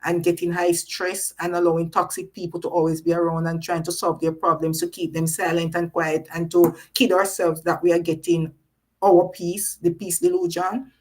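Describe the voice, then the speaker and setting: Emphatic low-voiced woman hosting a talk. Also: flat delivery, moderate pace, a little mellow, a little hiss or hum, poor audio. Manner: emphatic, repeats key phrases for stress; reads out viewer chat comments. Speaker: host. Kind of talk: live-streamed panel talk.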